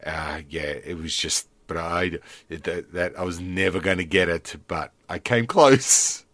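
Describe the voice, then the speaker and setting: A man hosting a podcast, talking casually in a halting, reflective way that trails off. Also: deep voice, dry recording. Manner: halting, stops and restarts, trails off quietly. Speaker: podcast host. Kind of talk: casual chat.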